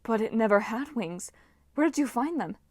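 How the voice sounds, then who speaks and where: A woman's voice: a little high, lively intonation, normal speed, darkish tone, dry recording, clean studio sound. A woman voicing an awestruck teenage girl camper who stammers in wonder. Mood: amazed.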